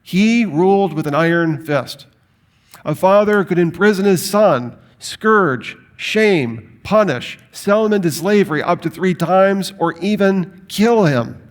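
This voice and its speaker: A man teaches from the Bible to a live audience in a fairly high voice. He is emphatic and animated, and he leans on rhetorical questions to drive his points home. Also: slow. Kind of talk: lecture to an audience.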